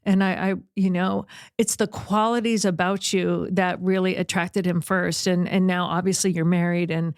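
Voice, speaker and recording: A woman hosting a sports talk show, telling a personal story in an animated, chatty way with quick asides. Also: on the low side, clear, resonant tone, no room sound, clean studio sound. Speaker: radio sports talk host. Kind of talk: casual chat.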